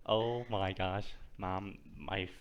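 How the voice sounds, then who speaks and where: A man's voice: low-pitched, takes it slowly, muffled recording, slight background noise. A young man co-hosting a podcast in casual chat, telling rambling stories and acting out what people said. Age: young adult. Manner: rambling storyteller, animated retellings. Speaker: podcast co-host.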